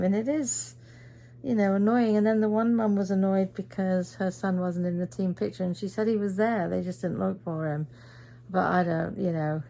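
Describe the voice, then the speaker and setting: A woman's voice: mid-range voice, creaky, dark tone. A tired middle-aged woman from Britain, chatting through her day in a casual vlog and acting out what people said. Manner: chatty storyteller, acts out quoted voices. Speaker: vlogger.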